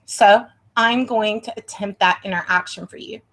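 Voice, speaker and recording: A woman's voice: mid-range voice, moderate pace, fairly bright tone. A woman hosting a paranormal livestream from her home setup, chatty and easily sidetracked as she reads names from the chat.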